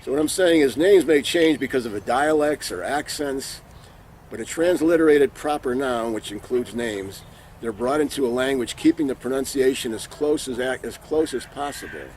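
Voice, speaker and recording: A man talks through a scripture lesson in a plain, mid-pitched voice, earnest and unhurried, circling back to repeat each point. Faint outdoor noise sits behind him. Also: a little mellow. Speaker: Bible teacher. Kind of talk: informal religious teaching. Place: sitting somewhere in Israel.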